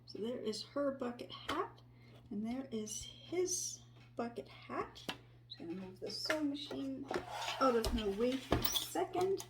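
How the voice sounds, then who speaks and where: A woman quietly narrating her sewing project at home, thinking aloud and often dropping to a whisper. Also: high-pitched, expressive, unhurried, noisy background. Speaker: crafter sewing on camera. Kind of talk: casual crafting narration. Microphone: desk microphone near her.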